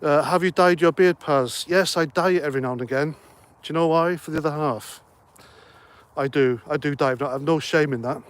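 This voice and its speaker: Middle-aged man, casual livestream chat, rambling and jokey, bit breathless, fairly high voice. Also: steady tone, normal speed. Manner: chatty, rambling, jokey asides. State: slightly out of breath. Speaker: livestream host.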